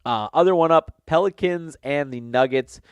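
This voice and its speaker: A man's voice: on the high side, normal speed, smooth, no echo. A man hosting a sports betting show, a little nasal from a cold, talking casually and rambling with many fillers and self-corrections. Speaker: sports betting podcast host.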